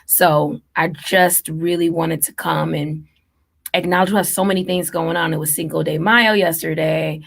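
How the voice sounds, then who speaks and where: A woman's voice: low-pitched, steady tone, moderate pace, gravelly. A woman in her thirties hosting a live stream, earnestly listing her thanks in long runs with frequent ums. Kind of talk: heartfelt live-stream address.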